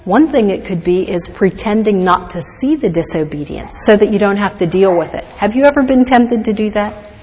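A woman's voice: medium pitch, animated, moderate pace, a little mellow, slightly rough, long reverb tail, rough recording. A woman giving a devotional teaching talk to mothers, earnest and full of rhetorical questions. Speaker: speaker to mothers.

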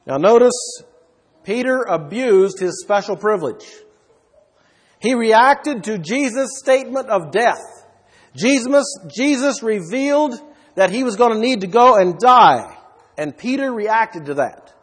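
A man's voice: high-pitched, animated, unhurried, breathy edge. A man preaching an expository sermon, emphatic and fond of rhetorical questions. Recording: long hall reverb.

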